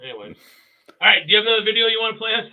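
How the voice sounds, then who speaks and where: A male podcast co-host telling stories in casual chat. He is animated, acts out quotes, and stammers through restarts. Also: high voice, very fast. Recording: tinny phone-like audio.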